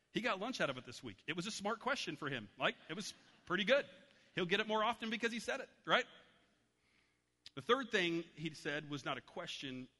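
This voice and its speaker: A pastor with a fairly high, forceful, bright voice delivers a sermon, spinning an anecdote and performing the voices of its characters. The recording carries a long, hall-like reverb.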